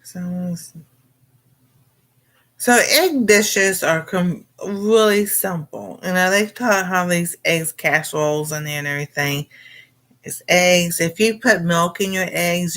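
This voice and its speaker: A woman's voice: fairly low pitch, slow, fairly bright tone. A middle-aged woman chatting casually and rambling to viewers on a cooking livestream, greeting them and laughing often. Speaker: cooking channel host.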